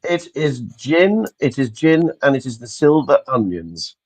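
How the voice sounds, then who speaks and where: A male chat-show guest with an ordinary mid-pitched voice. He talks casually, pausing with ums and restarting his sentences. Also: big pitch swings, a little mellow. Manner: hesitant, many ums and restarts. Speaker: guest pianist.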